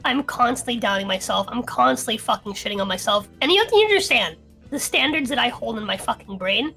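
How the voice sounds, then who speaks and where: A drunk young woman rants on a podcast stream, cursing in nearly every sentence. Her voice sits high and swoops through a wide pitch range. It has a bright, sharp edge. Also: expressive, brisk, creaky, faint music behind. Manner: ranting, swearing heavily. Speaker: podcast co-host. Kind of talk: casual streamed podcast chat.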